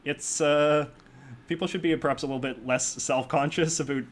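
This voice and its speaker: A man with a Canadian accent, a podcast guest in casual conversation, talking rapidly and filling his speech with "like" and "you know". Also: a little high, steady tone. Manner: rapid, talkative, peppered with 'like' and 'you know'.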